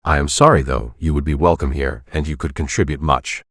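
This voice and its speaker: A man voicing a calm, knowing priest who speaks in measured, cryptic phrases in an audiobook. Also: extremely low pitch, dry recording, clean studio sound.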